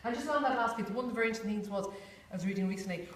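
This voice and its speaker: A woman's voice: mid-range voice, rapid-fire. A woman leads a workshop group in a chatty, informal way, often saying "you know" and acting out little voices. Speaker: workshop facilitator. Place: large echoey room with a group. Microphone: distant room mic. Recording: echoey room, far from mic, faint hiss.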